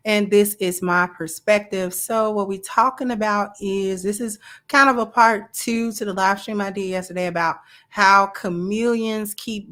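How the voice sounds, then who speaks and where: A woman hosting her own channel as a femininity coach, speaking in a relaxed, conversational and unhurried way. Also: mid-range voice. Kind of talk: direct-to-camera vlog talk.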